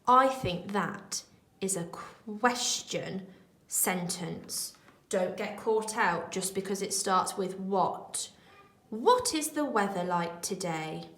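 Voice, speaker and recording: A woman primary school teacher talking young children through a remote lesson, slow, clear and encouraging. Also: mid-range voice, animated, a bit bright, reverberant, rough recording.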